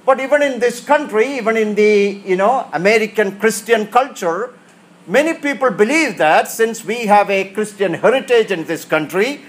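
A man preaching a sermon, reading scripture and then explaining it with emphatic, repeated phrases. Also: sits high.

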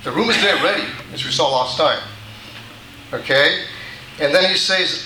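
Male pastor, sermon delivery, patient and repetitive, very bright tone, roomy church hall sound. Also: fairly high pitch, moderate pace, a little hiss or hum. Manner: patient, repetitive teaching with frequent restarts. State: dry mouth.

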